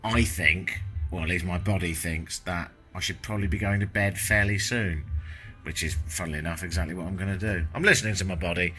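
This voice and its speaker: A man's voice: deep voice, fairly quick, sharp tone, soft background music. A British man vlogging from a hotel room after a sleepless night, jet-lagged, wry and self-deprecating, swearing casually. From Britain. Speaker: travel vlogger. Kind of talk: casual travel vlog monologue. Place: hotel room with windows closed.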